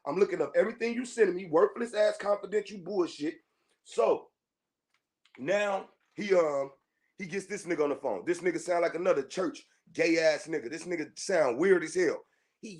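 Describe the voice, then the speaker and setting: A man's voice: sits high, normal speed, a little mellow. A man hosting a podcast, delivering a heated, profane monologue straight at his listeners, confrontational and full of repetition. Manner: profane, confrontational, repeats himself. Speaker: podcast host.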